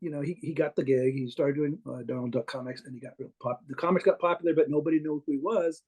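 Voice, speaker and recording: A man with a soft, mellow, slightly hoarse voice sits in as a guest on a casual interview. He tells long anecdotes in a loose, meandering way, breaking off and restarting his sentences and chuckling as he goes. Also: fairly high pitch, fast talker. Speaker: guest comic artist.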